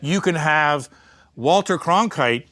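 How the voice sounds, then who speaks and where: Slow yet animated, this man's fairly high voice sounds pushed and bright on a dry recording. He's a media entrepreneur guesting on an interview, speaking candidly and emphatically, cursing freely and drifting into tangents.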